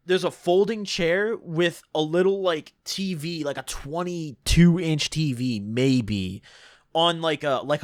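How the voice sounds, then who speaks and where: A young man casually telling a long story, rambling and animated, full of "like" and "dude". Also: on the high side, dry recording, clean studio sound.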